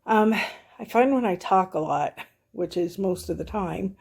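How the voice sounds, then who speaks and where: A woman's voice: lowish voice, unhurried, gravelly, darkish tone, breathy edge. Breathless middle-aged woman, rambling vlog. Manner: rambling, many fillers and restarts. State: short of breath, sighing. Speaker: vlogger reviewing a product. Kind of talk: casual chatty review.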